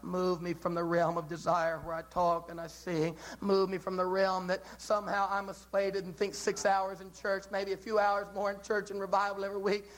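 Male preacher, high tenor voice, fervent and repetitive delivery, sermon style. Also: monotone, normal speed, few pauses, low-quality recording. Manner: impassioned, repetitive, with dramatic rises.

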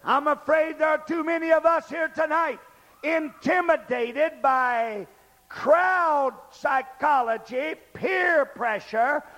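A male preacher giving a fiery revival sermon in a church service, shouting and then dropping to low, quiet passages. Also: in a large hall. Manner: shouting, dramatic swings from loud cries to low quiet passages.

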